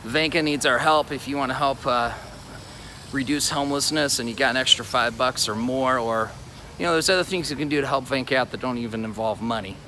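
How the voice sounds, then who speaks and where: A man's voice: mid-range voice, brisk, pushed and bright. A man hosting a casual walking livestream outdoors, rambling and poking fun at himself, filmed on a phone on a selfie tripod. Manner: rambling and self-mocking. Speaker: podcast host. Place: city street outdoors. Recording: outdoor street with traffic noise.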